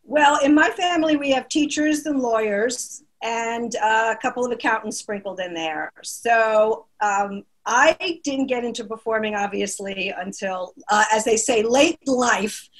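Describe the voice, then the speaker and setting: A woman's voice: a little high, unhurried, hardly any pauses, poor audio. A woman comedian chatting casually on a panel with a dry, self-deprecating delivery over a video call.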